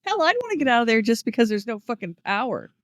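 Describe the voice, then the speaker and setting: A man's voice: extremely high pitch, sing-song, fast, a bit bright, dry recording, clean studio sound. A man co-hosting a podcast, chiming in with short agreements and laughing asides about a movie. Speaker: podcast co-host. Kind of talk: casual movie chat.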